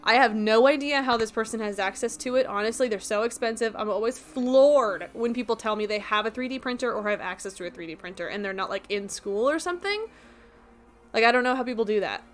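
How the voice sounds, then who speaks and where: A chatty young woman talks with her stream viewers in a slightly high voice, giggling often and spinning silly jokes. Faint game music runs under her talk. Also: a little fast. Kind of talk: casual chat with stream viewers.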